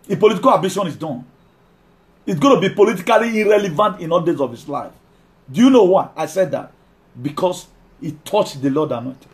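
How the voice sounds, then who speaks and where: A man preaching a sermon, emphatic, repeating key lines and slowing down to read scripture. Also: sits high, expressive.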